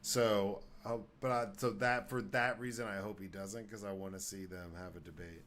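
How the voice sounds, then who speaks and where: A man from Dallas hosts a casual podcast in a lowish voice, rambling through his points with frequent restarts and swearing. A faint hiss sits under the recording. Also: fairly even intonation, normal speed, a bit bright. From Dallas, Texas. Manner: rambling, profane, restarts often. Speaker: podcast host. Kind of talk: casual chat.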